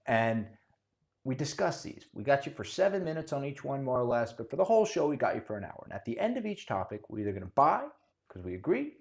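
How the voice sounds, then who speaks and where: A man's voice: mid-range voice, very animated, brisk, vocal fry, a little mellow. A man co-hosting and moderating a real estate podcast, joking around and then laying out topics. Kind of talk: casual podcast talk.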